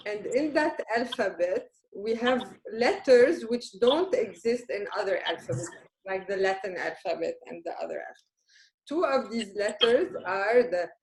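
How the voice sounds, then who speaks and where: Encouraging woman teaching Arabic. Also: a little high. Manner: patient and encouraging, checks in with "okay?" constantly. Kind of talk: beginner language lesson. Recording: roomy room with faint noise.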